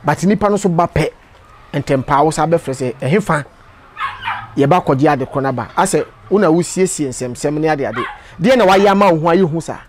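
A man's voice: a little high, expressive, fairly quick, a little hiss or hum. A Ghanaian man hosting a casual interview, prompting his guest with short replies. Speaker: interview host.

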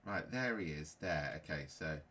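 A man's voice: extremely low pitch, animated, moderate pace, pushed and bright. A man playing a football game and commenting casually, often frustrated and grumbling. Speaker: gaming YouTuber.

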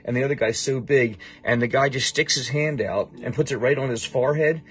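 A man's voice: mid-range voice, brisk. A middle-aged man teaching a Bible passage to a student, emphatic and repeating his points.

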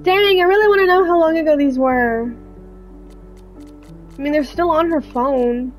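A woman's voice: high-pitched, moderate pace, faint music behind, low-quality recording. A young adult woman streamer giving chatty, self-deprecating let's-play commentary. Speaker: gaming streamer.

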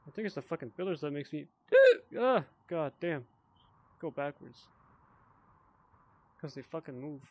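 A man's voice: fairly high pitch, moderate pace, pauses often, darkish tone, slightly rough. A tipsy man giving casual commentary while playing a VR game, swearing a lot with frustrated outbursts and mumbled asides. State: tipsy from drinking. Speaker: VR gamer.

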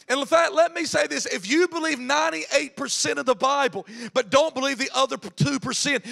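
A male pastor preaching a sermon. He swings between loud, emphatic points and quiet asides, and tells personal stories in a chatty, self-mocking way. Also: very high-pitched, vocal fry.

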